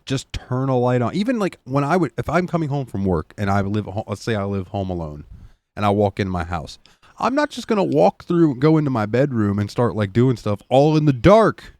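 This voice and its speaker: A man co-hosting a podcast, telling stories in a casual, profane, animated way. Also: mid-range voice, brisk, dry recording. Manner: animated, profane storytelling with laughs. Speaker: podcast co-host. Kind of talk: casual chat.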